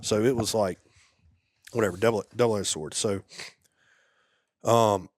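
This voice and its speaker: A man, a former soldier guesting on a podcast, telling a war story in a casual, laid-back way. He drops to a quiet murmur at the grim parts. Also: lowish voice, fairly even intonation, measured pace, a little hiss or hum.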